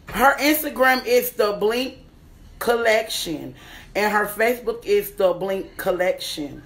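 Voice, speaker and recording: Slow-talking excitable woman comedian. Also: fairly high pitch. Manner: loud, excitable, profane, sing-song repeating. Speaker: comedian and businesswoman. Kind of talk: casual unboxing livestream.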